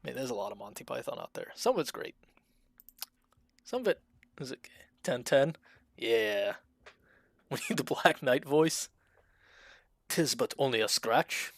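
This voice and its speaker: A man chats through a live game stream in a flat, dry delivery, reading menu choices aloud as he goes. His voice sits in a middle pitch, and the recording is close and dry with no room sound. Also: moderate pace, gravelly, long pauses, no room sound. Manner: self-described monotone, dry delivery; chatty, reads game options aloud.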